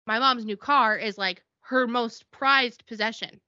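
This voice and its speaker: A woman's voice: fairly high pitch, measured pace, dry recording, dull audio. A woman co-hosting a podcast, telling stories in a casual chat and acting out the people in them. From Connecticut. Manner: animated storytelling, acts out quoted people. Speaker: podcast co-host.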